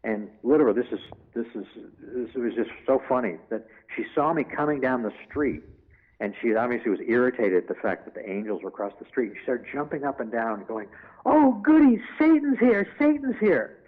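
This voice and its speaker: A man's voice: medium pitch, fairly quick. Man telling stories over a tinny line. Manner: animated, acts out quoted voices. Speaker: guest. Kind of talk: anecdotal interview storytelling.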